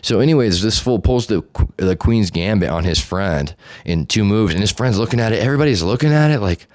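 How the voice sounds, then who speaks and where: A young man hosting a podcast, telling a casual, profane story and acting out the quotes loudly. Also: fairly low pitch, lively intonation, brisk, dry recording, studio quality. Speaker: podcast host.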